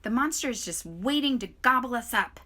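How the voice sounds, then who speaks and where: Woman voicing a jumpy groundhog, high and shrill, storybook reading. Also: animated, fairly quick, pushed and bright. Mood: panicky. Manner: shrill, panicky. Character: timid groundhog, shrieking.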